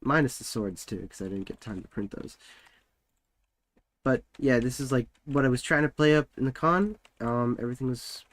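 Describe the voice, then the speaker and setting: A man's voice: medium pitch, normal speed. A young man streaming from home, chatting casually and rambling with lots of filler words while he works.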